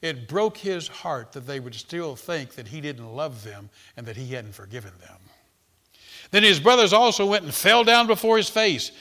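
A man's voice: on the high side, big pitch swings, moderate pace, bright, forceful tone. A man preaching a sermon, reading and explaining a passage, often repeating words as he starts a thought. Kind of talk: expository sermon.

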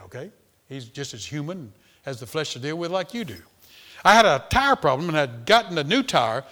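A man preaching a sermon, retelling stories dramatically with sudden swings between loud calls and quiet asides. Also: a little high. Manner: dramatic storytelling with big swings of volume.

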